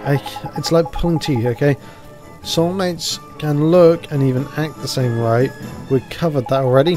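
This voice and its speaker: A man gives voice to a small, cheeky fairy sidekick who chatters in a folksy, chummy way and keeps tagging questions onto his remarks. The voice sits slightly high. Soft game music runs quietly behind him. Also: normal speed, natural voice. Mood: chatty.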